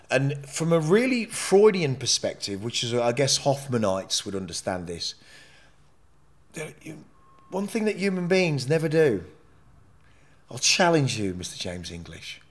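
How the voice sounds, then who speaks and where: On a podcast as a guest, a medium-pitched man shares something personal from his life. His telling is frank, blunt and full of feeling, peppered with swearing and tangents.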